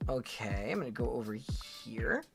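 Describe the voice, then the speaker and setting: A woman streamer from Australia chatting in a casual reaction stream, excitable and rambling as she reacts. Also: a bass voice, moderate pace, gravelly, over music.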